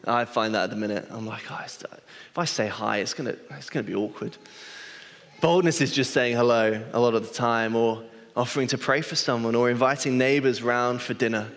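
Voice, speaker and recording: A man, a pastor giving a sermon and telling self-deprecating stories with a chatty, restarting delivery. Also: mid-range voice. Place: church hall. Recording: long reverb of a church hall.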